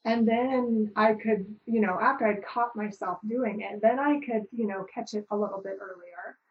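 A middle-aged woman talking slowly and calmly as an interview guest, reflective and searching, with many pauses. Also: medium pitch, lo-fi sound, slight background noise.

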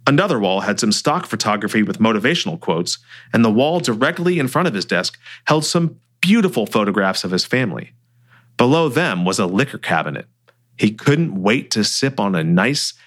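Expressive male story narrator. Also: medium pitch. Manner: expressive, animated reading. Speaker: author and narrator. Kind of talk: audiobook-style story reading.

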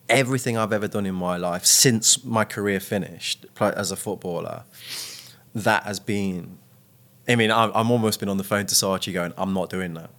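Podcast guest: a man with a low voice, reflective, lively when recounting stories. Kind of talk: podcast interview.

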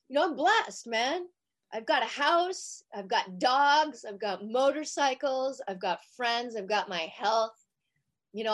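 A middle-aged woman guest telling a story in a casual interview, animated and chatty with many fillers. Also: a little high. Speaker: interview guest, actress and charity founder.

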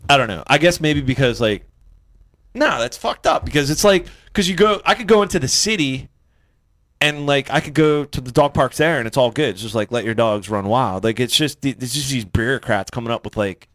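A man telling a story in casual podcast chat, animated and profane, often jumping into high-pitched quoted voices. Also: brisk, dry recording.

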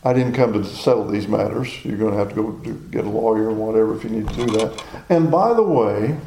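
A man voicing a calm, firm teacher correcting someone, with a gravelly voice in an echoey hall. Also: fairly low pitch, brisk, a little hiss or hum, lightly acted.

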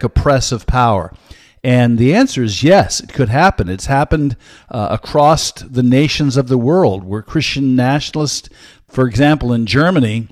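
A man's voice: medium pitch, a little mellow, no echo, studio quality. Earnest older male Bible teacher. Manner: earnest, measured, with frequent "uh" fillers. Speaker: podcast host and Bible teacher. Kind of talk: solo podcast teaching talk.

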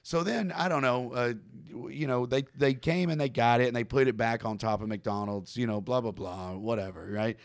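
A man's voice: mid-range voice, moderate pace, vocal fry, hardly any pauses. Man telling a prank story with a laugh. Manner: self-mocking, laughs through his own stories. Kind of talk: casual storytelling chat.

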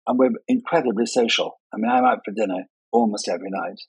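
Speaking at a quick pace in a lowish, husky voice, an older man shares playful, self-mocking stories as a guest in a conversational interview. A party and wedding designer, he was raised in Scotland yet sounds English with no Scottish accent, and the recording has no echo but is rough.

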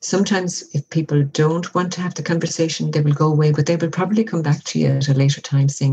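Measured woman with a husky mellow voice. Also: sits low, steady tone, muffled recording. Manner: measured, reflective, often acts out example dialogue. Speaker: workplace wellbeing guest. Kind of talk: conversational podcast interview.

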